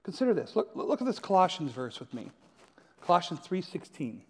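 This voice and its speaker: A man's voice: sits high, very animated, a little fast, husky, in a large hall. A man preaching a conversational sermon, telling stories and often checking in with the congregation by asking "right?". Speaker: pastor.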